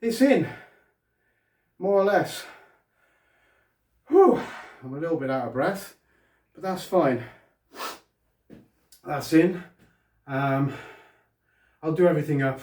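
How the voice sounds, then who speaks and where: A man's voice: medium pitch, a little mellow. A man vlogging while he restores a vehicle in his garage, muttering to himself as he works and talking to a distant camera. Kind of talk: casual workshop vlog. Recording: echoey room, mic far off.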